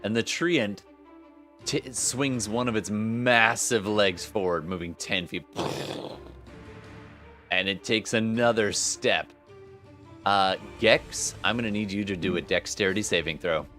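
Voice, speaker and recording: Slow, low-voiced male game master. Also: bright, forceful tone, faint music behind. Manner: halting, with fillers and laughter. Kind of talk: narrating a tabletop game.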